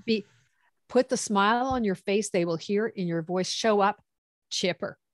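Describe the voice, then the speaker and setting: A middle-aged woman consultant telling stories in conversation, animated and acting out quoted dialogue. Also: mid-range voice, moderate pace, dry recording, clean studio sound. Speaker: government contracting consultant. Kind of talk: conversational storytelling.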